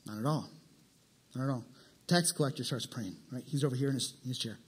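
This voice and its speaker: A male preacher giving a casual, animated sermon and asking his listeners questions. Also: mid-range voice, quick pace, husky. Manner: animated, asks the crowd questions. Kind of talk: conversational sermon.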